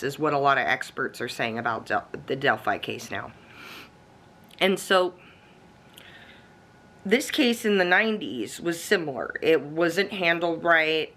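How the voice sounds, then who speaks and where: A woman's voice: on the low side, bright, forceful tone. A woman vlogger talking casually to her viewers, rambling with fillers and restarts, snacking and sipping coffee as she goes, with the odd swear word. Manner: eats snacks and sips coffee while talking. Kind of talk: casual talking-head vlog.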